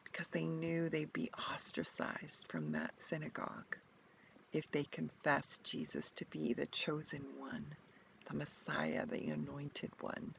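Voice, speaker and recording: Slow, reflective woman guiding contemplation. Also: low-pitched, sing-song, vocal fry, slight background noise. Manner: slow, reflective, prompting questions, at times whispered. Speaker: retreat leader guiding contemplation. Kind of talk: guided imaginative Bible contemplation.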